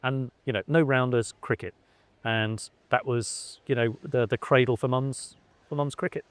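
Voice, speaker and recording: A man's voice: mid-range voice, steady tone, moderate pace, clean tone, no echo. A middle-aged man from England, talking in an interview with many fillers and restarts. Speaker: interviewee, son of a cricketer. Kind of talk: conversational interview.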